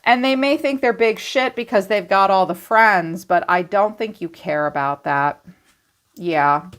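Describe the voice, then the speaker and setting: A woman's voice: mid-range voice, unhurried, a bit bright. A woman giving a casual tarot reading, talking straight to her viewers in a blunt, chatty way. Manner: blunt, chatty, swings into playful quoted voices. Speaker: tarot reader.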